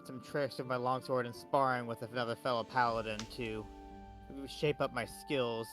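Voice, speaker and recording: A man's voice: mid-range voice, fairly even intonation, normal speed, a bit bright, faint music behind. A man playing a paladin in a tabletop game, talking hesitantly and stumbling over words. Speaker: player. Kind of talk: in-character tabletop play.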